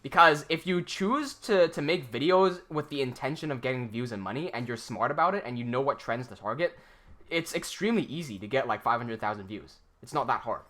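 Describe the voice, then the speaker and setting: A man's voice: mid-range voice, expressive, a little fast, fairly bright tone. A man hosting a casual livestream, chatting and answering viewer comments in a rambling way, laughing often. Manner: rambling, laughs often, many fillers and restarts. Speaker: animation livestream host.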